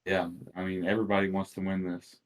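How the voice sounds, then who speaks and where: Man, low voice, laid-back podcast host, casual sports talk, agreeable. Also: completely flat delivery, quick pace, low-quality recording. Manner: laid-back, agreeing, steers to the next topic.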